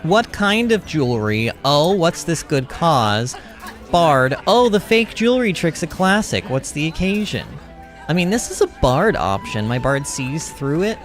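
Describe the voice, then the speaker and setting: A man's voice: fairly high pitch, sing-song, measured pace, faint music behind. A young man streaming a game, thinking aloud and reacting with exclamations. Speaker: gaming streamer. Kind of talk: casual gameplay commentary.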